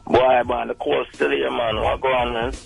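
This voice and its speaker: Gravelly man caller. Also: mid-range voice, little pitch movement, moderate pace, faint music behind, rough recording.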